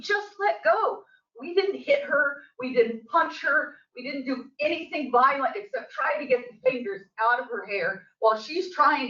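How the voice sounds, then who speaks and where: A high, fairly bright voice belongs to an older local woman speaking at a board meeting's public comment. She tells her story agitatedly and emphatically, her voice lifting toward the close. Recorded in a district office meeting room, the sound is distant, echoey and dull.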